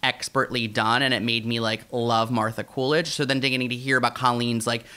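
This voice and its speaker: A man co-hosting a podcast, riffing in an animated way with many fillers. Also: mid-range voice, brisk, clean tone. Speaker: podcast co-host. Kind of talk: casual podcast chat.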